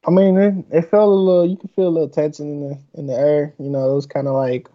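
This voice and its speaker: Quiet guest guy, kinda high voice, muffled lo-fi line, lots of um and you know. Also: fairly even intonation, fast talker, few pauses. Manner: soft-spoken, hesitant, many fillers. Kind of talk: casual interview.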